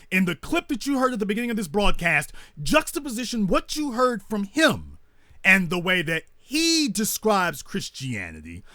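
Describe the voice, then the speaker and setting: Lively, bright-voiced man on an indignant rant. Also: high-pitched, no room sound, studio quality. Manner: repetitive rhetorical emphasis, builds points like a preacher; indignant, scornful. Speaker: host. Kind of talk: commentary monologue.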